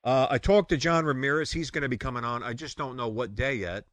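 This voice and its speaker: A man's voice: medium pitch, brisk, no room sound. A man with a New York accent hosting a Christian online radio show, chatting and joking with guests. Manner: joking, rambling, loud sign-offs. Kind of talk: casual chat.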